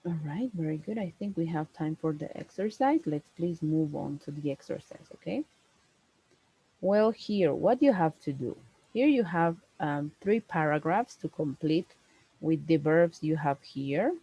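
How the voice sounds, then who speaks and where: Slow, low-voiced woman teaching English. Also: expressive, dark tone, slightly rough, muffled recording. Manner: slow, careful explaining with stressed words. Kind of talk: one-on-one online English lesson. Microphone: video call.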